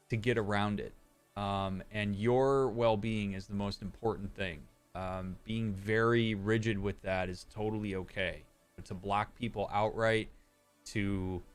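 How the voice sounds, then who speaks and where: A man, a therapist chatting casually on a live stream, reading out chat messages and joking with viewers. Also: fairly low pitch. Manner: joking, reads chat messages aloud and replies.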